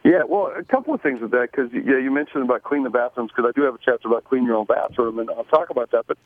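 A man's voice: mid-range voice, fast talker, no echo. An American man, a guest author and business owner, talking brashly in a casual interview and often repeating words as he starts a sentence. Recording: tinny dry phone line.

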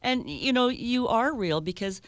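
A woman hosts a radio interview in a fairly high voice. She frames guided questions and affirms her guest. The sound is dry and close, as if from a studio mic. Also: expressive, measured pace, no room sound. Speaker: radio host.

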